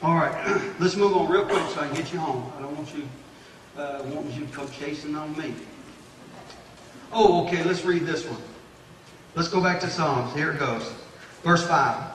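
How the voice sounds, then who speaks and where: A man preaching a sermon as pastor, rising to emphatic bursts and slowing down to draw out scripture verses. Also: on the high side, fairly bright tone, a little hiss or hum. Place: church sanctuary. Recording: echoey church hall, distant mic.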